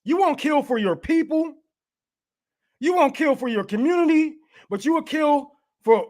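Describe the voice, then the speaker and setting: A man's voice: extremely high pitch, sing-song, unhurried, long pauses. A man hosting a show, ranting in heated, profane commentary, stammering and laughing often. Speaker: podcast host.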